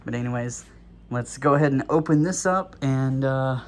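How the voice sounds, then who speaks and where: A male vlogger unboxes something at home, chatting casually at normal speed in a mid-range voice. He sounds a bit out of breath and rambles with lots of fillers and little chuckles. There's slight background noise.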